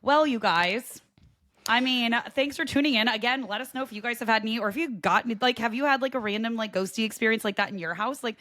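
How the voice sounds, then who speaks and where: A woman co-hosting a podcast in casual chat, talking in a rambling, animated way. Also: fairly high pitch, fast talker, no echo, studio quality. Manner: chatty, lots of "like" fillers, animated storytelling. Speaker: podcast co-host.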